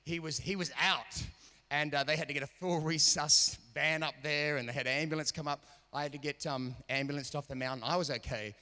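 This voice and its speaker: A man's voice: on the high side, brisk. A man preaching a sermon, telling a story and acting out the voices of the people in it. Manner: animated, acts out quoted voices. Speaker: pastor. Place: church auditorium. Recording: reverberant church hall.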